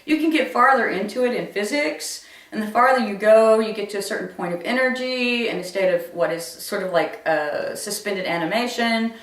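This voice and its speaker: A woman's voice: mid-range voice, moderate pace, hardly any pauses. Woman telling a story, echoey and distant. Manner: emphatic, repeats phrases for effect. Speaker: comedian. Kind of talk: stand-up storytelling monologue. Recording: roomy echo from a distant mic.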